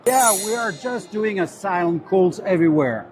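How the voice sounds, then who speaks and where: A man representing a company, earnestly explaining his product in a slightly halting way on a trade show floor. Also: high-pitched, lively intonation, a little hiss or hum. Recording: loud crowd chatter behind.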